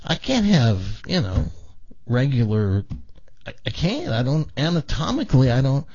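A man voicing a gentle, pleading mermaid woman in a joke, in a slightly lower voice than his own. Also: big pitch swings, moderate pace, dry recording, dull audio. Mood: apologetic. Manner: pleading, softly explanatory.

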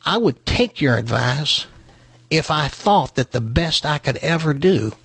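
A man's voice: on the high side, measured pace, slightly rough, no room sound. A man from Tennessee hosting a radio talk show, telling a personal story and acting out the voices in it. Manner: animated storyteller acting out quoted dialogue. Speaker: radio host.

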